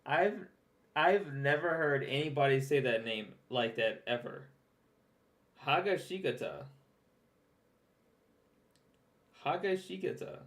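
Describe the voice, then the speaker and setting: A man's voice: mid-range voice, lively intonation, unhurried, fairly bright tone. Young male streamer, loose and chatty, laughs through his reactions, stumbles and repeats words. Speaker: streamer reacting to a recap video.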